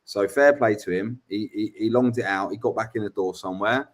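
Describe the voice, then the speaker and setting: A man's voice: on the low side, brisk. A man co-hosting a casual football chat show, blunt and swearing freely, often repeating words as he talks. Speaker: podcast co-host.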